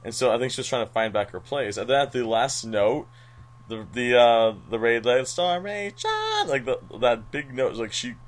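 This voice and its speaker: Guy co-hosting a podcast, casual chat, keeps restarting, mid pitch. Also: steady tone, moderate pace. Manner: chatty, many restarts and fillers. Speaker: podcast co-host.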